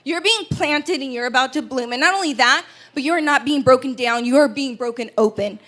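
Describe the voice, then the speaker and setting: A keynote speaker shares a personal story from an event stage before an audience, her earnest, emotional speech full of stumbles and restarts. She talks fairly quickly, her voice sitting high with a fairly bright tone.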